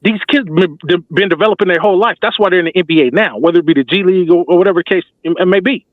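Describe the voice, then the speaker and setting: A man's voice: sits high, racing, dry recording. Fired-up man with a tinny, phone-line sound. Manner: emphatic, preacher-like, slangy and repetitive. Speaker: basketball talk show host. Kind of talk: passionate fan commentary.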